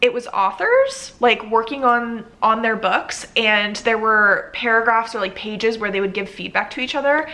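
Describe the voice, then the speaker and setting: This casual book review vlog features a young woman whose bright, forceful voice sits at a medium pitch. She talks through her thoughts aloud, leaning heavily on "like" as a filler.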